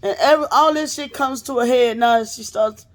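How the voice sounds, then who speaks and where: A woman's voice: on the high side, moderate pace. A woman host telling a story in casual chat, profane and blunt, acting out what others said.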